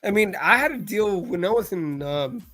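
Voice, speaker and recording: Animated young man telling stories. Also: high voice, moderate pace, faint music behind. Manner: animated storyteller, shouts quoted lines. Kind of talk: casual chat. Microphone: live stream call mic.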